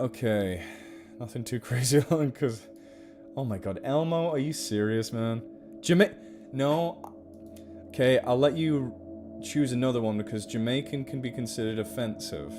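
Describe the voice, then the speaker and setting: A man's voice: mid-range voice, a little mellow. A man chatting casually on a live stream, giggly and rambling.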